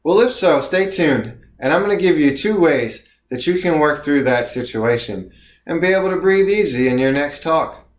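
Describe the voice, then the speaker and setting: A man's voice: a little high, animated, moderate pace, echoey room. A man coaching viewers through breathing exercises in an encouraging, instructional way. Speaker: speaking coach. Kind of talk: instructional video lesson.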